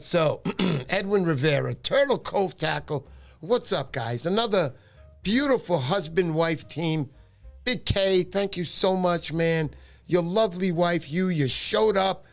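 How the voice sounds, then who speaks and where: A tired man hosts a casual evening fishing livestream, his voice sitting quite high. He greets viewers one by one in a friendly, chatty way, with soft music faintly in the background. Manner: friendly, shouts out viewers by name.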